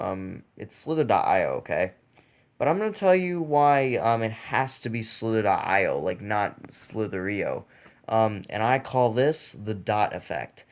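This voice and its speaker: A young man hosting a mobile gaming channel, rambling in casual gameplay commentary with lots of fillers and restarts. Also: fairly low pitch.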